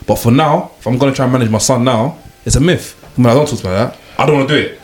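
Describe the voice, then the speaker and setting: A man's voice: mid-range voice, very fast, darkish tone. A man from Britain chatting emphatically in a podcast and saying "bro" a lot. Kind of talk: casual chat. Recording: echoey room.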